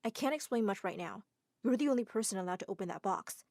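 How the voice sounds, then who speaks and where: A mysterious young man, voiced by a woman in an animated story, speaking low and quiet. His delivery is calm and matter-of-fact. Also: fast, creaky, dry recording, clean studio sound.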